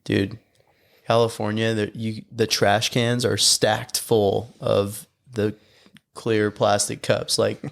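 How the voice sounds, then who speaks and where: A man's voice: lowish voice, little pitch movement, takes it slowly, vocal fry. A man co-hosting a podcast, chatting in a laid-back, casual way. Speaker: podcast co-host. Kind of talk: casual chat.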